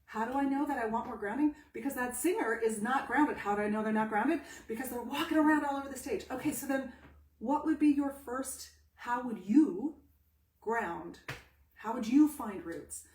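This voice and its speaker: A woman voice teacher gives a live-streamed talk from a home room with her pet cat, animatedly asking and answering her own questions. Her voice is high and a little fast. The room is echoey and the mic is distant.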